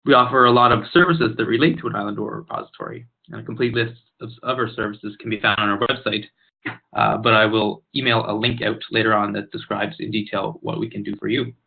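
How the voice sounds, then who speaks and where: A man hosting a webinar, giving a brisk, upbeat scripted introduction of the company and the guest speaker. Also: on the low side, steady tone, gravelly. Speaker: webinar host. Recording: tinny phone-like webinar audio.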